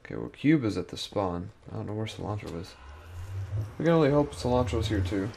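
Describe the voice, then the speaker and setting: A man's voice: fairly low pitch, expressive, a little fast, gravelly, a little mellow, slight background noise. A young man giving casual gameplay commentary, muttering to himself as he sorts items and explores, sounding sleepy and yawning. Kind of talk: casual let's-play commentary.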